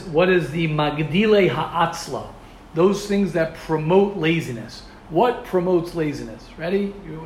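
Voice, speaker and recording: A man teaching a religious ethics class in an animated way, asking rhetorical questions and repeating himself for emphasis. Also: on the high side, a little hiss or hum. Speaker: Torah teacher. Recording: roomy echo.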